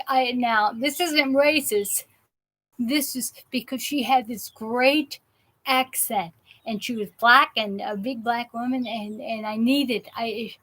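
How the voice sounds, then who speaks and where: Hosting a live patient show, a South Jersey woman chats casually on a live stream, rambling and restarting often with lots of fillers. Her voice is a little high and a bit bright. The poor audio has some hiss or hum.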